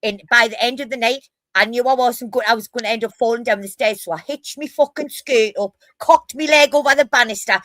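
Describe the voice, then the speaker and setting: A woman's voice: fairly high pitch, fairly quick, few pauses, fairly bright tone, dry recording. Geordie woman, brash, profane, storytelling, dry close sound. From North East England. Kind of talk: casual storytelling on a live stream.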